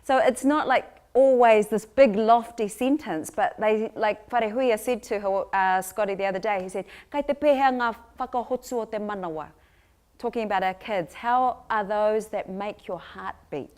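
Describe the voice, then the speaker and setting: A woman's voice: mid-range voice, moderate pace, hardly any pauses, darkish tone, smooth. A woman with a New Zealand accent presenting to a live audience, teasing in tone and mixing Māori phrases into her English. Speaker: co-presenter of a language workshop.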